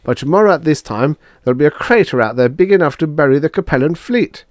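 A man voicing a gruff, excitable male space salvager who complains a lot. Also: fairly high pitch, quick pace, no room sound, studio quality, voice pushed up, natural voice. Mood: alarmed.

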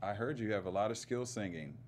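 A man's voice: on the low side, a little fast, slight background noise. A man hosting an interview, teasing his guest in a jovial way and laughing along with her. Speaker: interview host. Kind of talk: casual interview chat.

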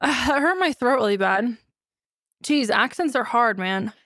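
Bubbly high-voiced woman podcast co-host. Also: dry recording, studio quality. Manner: animated, quick, laughing often. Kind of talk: casual chat. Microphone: studio podcast mic.

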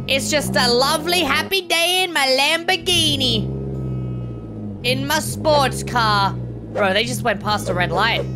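A woman giving excited, slangy reaction commentary on an animated clip, exclaiming dramatically as events unfold. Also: fairly high pitch. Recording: music playing behind the voice.

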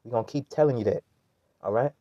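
A man's voice: mid-range voice, fast talker, mellow, no room sound, highs cut off. A man giving a heated, rambling commentary rant, full of slang and restarts. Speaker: commentary vlogger. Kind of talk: ranting commentary.

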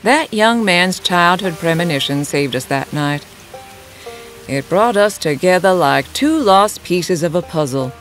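A woman playing a sultry, menacing cult leader who talks in a slow, teasing, purring drawl. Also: fairly low pitch, expressive, fairly bright tone, faint music behind. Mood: sly. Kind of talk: audio drama acting.

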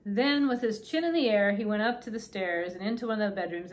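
A middle-aged woman reading a children's book aloud, gently stopping to point out the pictures. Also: mid-range voice, fast, few pauses, a little hiss or hum.

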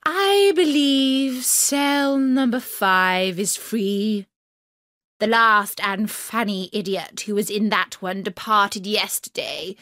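A haughty queen drawls her orders in a bored, spiteful voice, performed by a woman reading a storybook. She speaks slowly, with a mocking, cruel edge. The sound is dry and close. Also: medium pitch, fairly bright tone, no echo.

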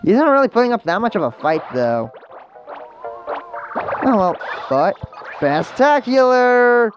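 A gaming channel host, a woman with a fairly low, very animated voice, talks at normal speed over game music in dull-sounding audio. Her let's-play commentary is casual, chatty and rambling, full of self-mockery and remarks aimed at the game characters.

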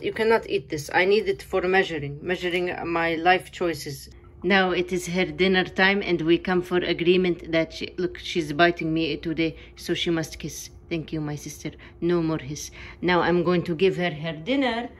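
A young woman narrating a comedic day-in-the-life vlog in playful, deliberately broken English. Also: fairly low pitch. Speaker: comedy vlogger.

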